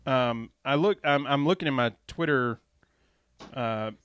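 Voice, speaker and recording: A man co-hosting a casual podcast, speaking in a relaxed way with some hesitation. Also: medium pitch, a little slow, clean tone, dry recording. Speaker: podcast co-host. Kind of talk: casual chat.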